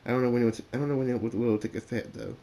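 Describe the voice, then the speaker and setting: A man's voice: medium pitch, racing, vocal fry, lightly acted. Man voicing a sly demon servant pony. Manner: courteous, calm, stammering.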